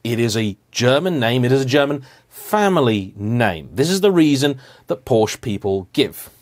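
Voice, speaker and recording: A man hosting a car vlog, giving an animated, emphatic, playfully indignant rant to camera. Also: medium pitch, normal speed. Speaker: car vlogger host.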